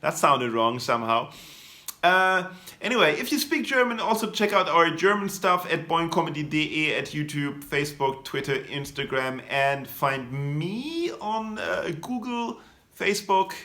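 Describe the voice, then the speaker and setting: A man's voice: on the high side, lively intonation, measured pace, sharp tone. A man hosting a comedy show, casually talking to viewers in a loose, rambling way and chuckling at his own slips.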